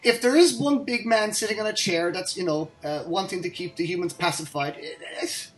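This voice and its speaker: An Irish man hosting a casual podcast chat, excitable and chatty, quick to laugh and rant. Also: sits high. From Ireland. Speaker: podcast host.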